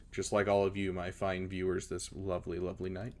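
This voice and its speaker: Laid-back young male streamer, lowish voice. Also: a little fast, hardly any pauses, soft background music. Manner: relaxed, chatty, many fillers, gives advice. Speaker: streamer reviewing viewers' game rosters. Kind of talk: casual live-stream chat.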